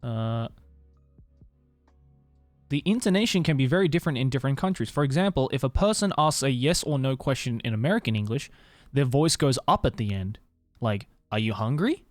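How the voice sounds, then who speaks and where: An Australian man streaming, chatting casually with viewers in a musing, hesitant way, slowing down to sound out words. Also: mid-range voice, expressive, no room sound, faint music behind.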